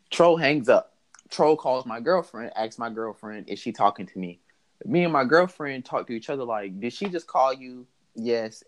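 A young man telling a story in casual chat, animated and mocking, laughing as he goes. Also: medium pitch. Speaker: podcast host telling a story.

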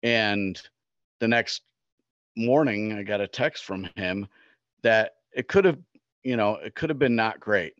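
Earnest middle-aged man, low voice. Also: a little slow, long pauses, a bit bright, no room sound. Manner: earnest, reflective. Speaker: podcast co-host. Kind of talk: casual chat. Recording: slightly dull, lo-fi sound.

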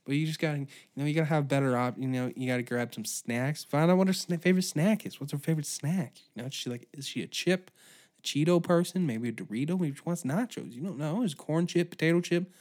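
A man's voice: a little high, quick pace, darkish tone. A man hosting a podcast, ranting through a sarcastic, profane comedic monologue. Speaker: podcast host.

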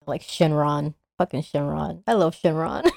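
A woman in casual chat, animated and joking, acting out monster scenes in high voices. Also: a little slow, gravelly, no echo.

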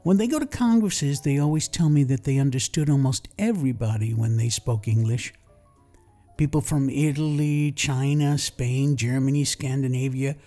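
A middle-aged man with a New York accent reads his English lesson podcast in a calm, explanatory way. His voice sounds warm and mellow, with touches of dry humor. Faint music plays behind him. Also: medium pitch. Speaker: English teacher and podcast host.

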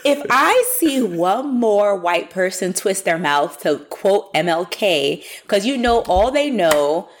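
A woman's voice: mid-range voice, lively intonation, takes it slowly, few pauses. A woman co-hosting a podcast, ranting in a heated, profane and emphatic way in casual chat. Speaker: podcast co-host.

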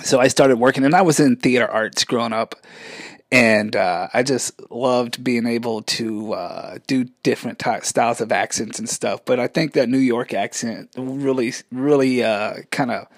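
A man's voice: medium pitch, moderate pace, dry recording. A man, hosting a casual rant vlog in a rambling, sarcastic way, often cutting himself off mid-sentence. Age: 40s. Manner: rambling, sarcastic, self-interrupting. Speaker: vlog host.

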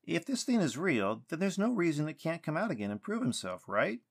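A man voicing an earnest adult male investigator who talks politely and haltingly. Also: fairly high pitch, big pitch swings, pitched above the performer's own voice. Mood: stern. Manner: polite, hesitant with fillers.

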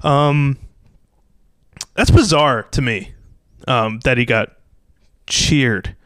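A young man from the New York area hosting a casual sports podcast, animated and blunt, acting out little quoted exchanges. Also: mid-range voice, extremely slow, no room sound. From New York metropolitan area. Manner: animated, talks in restarts and acted-out quotes, blunt opinions. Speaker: podcast host.

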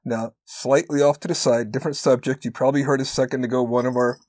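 On a conversational podcast, a man serving as co-host talks in an encouraging, earnest way with a middle pitch and fairly even intonation, easing his pace to emphasize what matters most. His recording is close and dry, slightly mellow, with no echo.

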